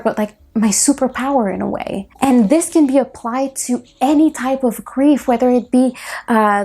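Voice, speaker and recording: A woman hosting a personal solo podcast, speaking softly and reflectively, close to tears at times. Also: a little high, gravelly. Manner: soft, reflective, slow and heartfelt. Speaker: podcast host.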